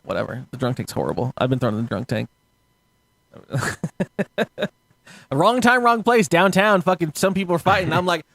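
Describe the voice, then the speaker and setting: A man's voice: high-pitched, normal speed, vocal fry, long pauses, no room sound. A young man telling stories in casual podcast chat, swearing often and acting out other people's voices. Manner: animated storyteller, swears often, acts out voices.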